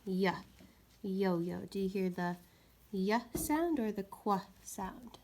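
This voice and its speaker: A woman teaching young children a reading lesson, slowly sounding out words and patiently encouraging them. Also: mid-range voice, a little mellow.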